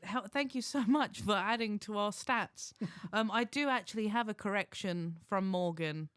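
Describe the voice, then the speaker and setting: A man's voice: high-pitched, normal speed, a bit bright, clear, resonant tone, no room sound. A man co-hosting a podcast, chatting casually in a rambling, self-mocking way with restarts. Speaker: podcast co-host. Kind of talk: casual chat.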